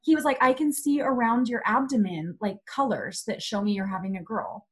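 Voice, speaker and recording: A woman in her thirties telling a story in casual chat, animated and filled with "like". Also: a little high, fairly quick, husky.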